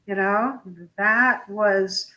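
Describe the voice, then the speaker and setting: A woman host speaks slowly in a bright, clear tone. She interviews a guest, asking gentle and careful questions and often restarting her sentences. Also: medium pitch, fairly even intonation, low-quality recording.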